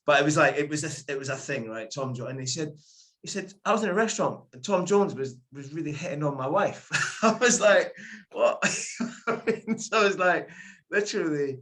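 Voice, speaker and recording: A man co-hosting a podcast, telling a quick story in casual chat, trailing off with fillers and laughs. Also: on the high side, a bit bright. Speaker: co-host.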